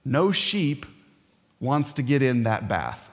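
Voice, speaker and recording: A man preaching a sermon as a pastor, earnest and emphatic, with dramatic pauses. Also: medium pitch, sing-song. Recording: long hall reverb.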